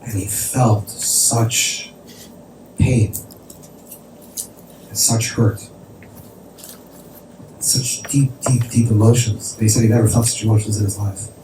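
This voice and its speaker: A man's voice: on the low side, fairly even intonation, takes it slowly, pauses often. A man, a rabbi, telling a story in a conversational sermon, sprinkling in Yiddish and Hebrew terms. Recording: distant mic in an echoey room with faint noise.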